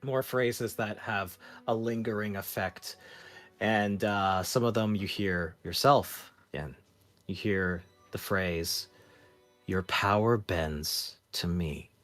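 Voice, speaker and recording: A man narrating as game master of a tabletop role-playing game, speaking in a hushed, measured way. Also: soft background music. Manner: slow, low and hushed when narrating, livelier in banter.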